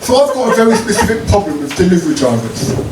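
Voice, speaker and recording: A cheeky Croydon comic from South London works the crowd in rapid-fire style, his high voice swinging widely in pitch. His stand-up is punchy with call-and-response, recorded on a club stage that sounds roomy, a little distant, and full of noise.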